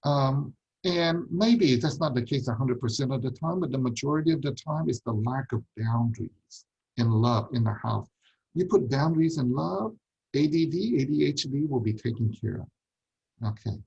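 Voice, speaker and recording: A man's voice: mid-range voice, expressive, normal speed, creaky, a little mellow, slightly rough, highs cut off. A man teaching a ministry class on parenting, emphatic, repeating key points and asking rhetorical questions.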